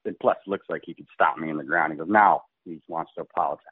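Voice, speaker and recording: A man's voice: extremely low pitch, fast talker, husky. A middle-aged man, a pro golfer, telling a story casually and acting out the quotes with laughs. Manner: animated, acts out quotes, laughs often. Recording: phone-like radio line.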